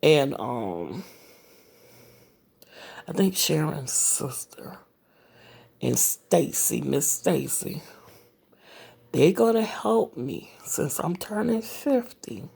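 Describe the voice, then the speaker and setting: A woman's voice: low voice, big pitch swings, very slow, creaky, long pauses, dark tone, slightly rough. A woman in her late forties talking casually to her viewers in a personal vlog, rambling with many fillers and dropping into whispered asides. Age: 40s. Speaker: vlogger.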